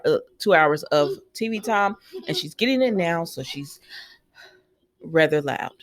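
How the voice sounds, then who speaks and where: Animated woman recapping a soap. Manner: animated retelling, acting out lines with jumps in pitch. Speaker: soap opera recap host. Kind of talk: casual episode recap. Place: home.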